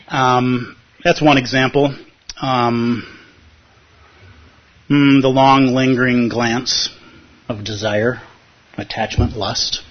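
A man's voice: mid-range voice, dull audio, slight background noise. A man giving a conversational, playful Zen dharma talk to a live audience in a meditation hall. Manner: conversational, playful, acts out inner voices. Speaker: Zen teacher.

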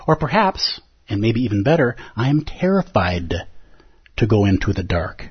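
A man's voice: on the low side, big pitch swings, moderate pace, slightly rough. A man teaching as a Buddhist teacher in a conversational dharma talk, often asking his listeners rhetorical questions. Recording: dull lo-fi recording.

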